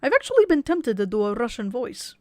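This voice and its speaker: A woman voice actress chatting casually on a livestream, rambling with frequent restarts and soft laughs. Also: fairly high pitch, sing-song, fairly quick, dry recording, clean studio sound. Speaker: voice actress and streamer.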